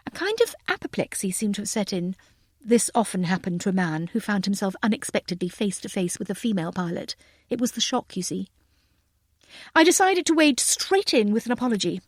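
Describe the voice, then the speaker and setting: Woman, first-person novel narration, wry, lively storytelling, dry close recording. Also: medium pitch, a little fast, no echo. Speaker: audiobook narrator.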